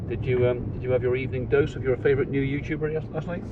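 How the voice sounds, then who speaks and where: Teasing farmer in a car. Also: male voice, mid-range voice, steady tone, rapid-fire. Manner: teasing, jokey. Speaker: farmer vlogger. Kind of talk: casual chat. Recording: dull lo-fi sound with faint noise.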